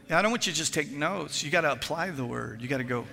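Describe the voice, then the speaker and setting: A man preaching from the pulpit with a high, very bright voice, lively and theatrical as he acts out conversations. His words ring out with a long reverb in a large hall, and soft music plays behind him. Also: fast talker, creaky, hardly any pauses. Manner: animated storytelling, acting out phone calls. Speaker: pastor. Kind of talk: sermon.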